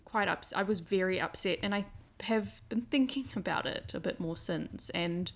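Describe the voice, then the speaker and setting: A woman's voice: mid-range voice, moderate pace, gravelly. A woman with a New Zealand accent, hosting a casual conversation in a reflective, earnest way.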